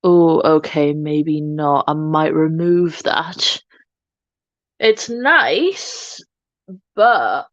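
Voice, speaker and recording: A woman's voice: deep voice, lively intonation, extremely slow, no echo, muffled recording. A woman hosting a casual makeup livestream, chatting to her viewers in a self-mocking way while she works. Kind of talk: casual makeup tutorial chat.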